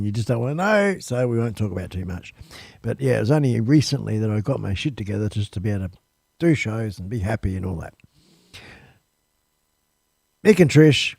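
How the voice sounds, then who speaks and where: A man's voice: on the low side, gravelly, a little mellow, no room sound, studio quality. A man hosting a live stream, chatting casually and rambling with lots of ums and uhs. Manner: easygoing, swears casually.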